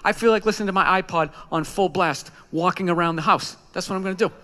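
Guy doing stand-up, super high sharp voice, swears a lot, rants and acts out what people said, on stage mic. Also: rapid-fire, hardly any pauses. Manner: profane, ranting, acts out quotes. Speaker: stand-up comedian. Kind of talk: stand-up set. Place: comedy club stage, live audience.

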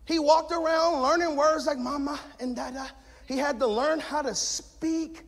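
A man pastor preaching a lively sermon, shouting his key points and mixing in jokes. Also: very high-pitched, measured pace, vocal fry. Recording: long hall reverb.

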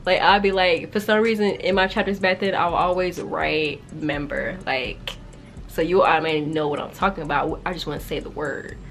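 A young woman casually reacting to and reading her old writing aloud, animated and slangy, with frequent laughter in her delivery. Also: low voice, brisk, faint music behind. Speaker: YouTuber.

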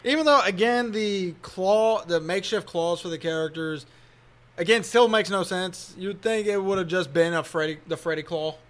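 A man's voice: high voice, moderate pace, a bit bright. A man co-hosting a casual movie podcast, recapping the plot step by step. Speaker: podcast co-host.

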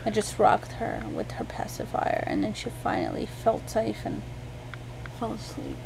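Pitch swooping wildly around a mid-range center, this mother speaks unhurriedly with vocal fry, background noise behind her. Tired and feeling unwell, the vlogger rambles casually to viewers about her sick baby from home at night.

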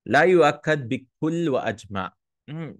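A man teaching Arabic grammar in English, reading the Arabic text quickly and often checking in with a questioning "hmm?". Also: a little high, expressive, dry recording.

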